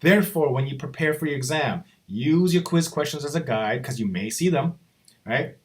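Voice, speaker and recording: A man teaching a college course in a recorded walkthrough, chatty and relaxed, checking in with "right?" after nearly every point. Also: a little high, moderate pace. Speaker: college instructor. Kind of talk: recorded screen-walkthrough lecture.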